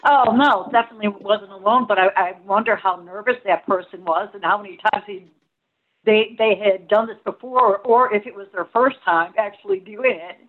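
A woman's voice: mid-range voice, moderate pace. Chatty woman with muffled sound. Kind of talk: casual interview chat.

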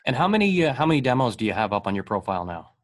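A man's voice: mid-range voice, very animated. A man from North America hosting an interview podcast, eager and chatty, often restarting his sentences. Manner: quick, eager, many restarts. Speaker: podcast host. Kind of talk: casual interview talk.

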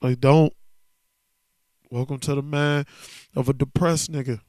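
A man's voice: medium pitch, fairly even intonation, normal speed, a little mellow, dry recording, studio quality. A man hosting a solo podcast, talking candidly and loosely in a casual, slangy way while sounding emotionally worn down. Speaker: podcast host.

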